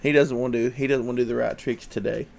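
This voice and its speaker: A man's voice: mid-range voice, fairly even intonation, quick pace, vocal fry, darkish tone. Laid-back male streamer with the sniffles, chatty and coaxing. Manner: easygoing, chatty, coaxing his dog. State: sniffly from allergies. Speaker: livestream host. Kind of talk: casual livestream chat.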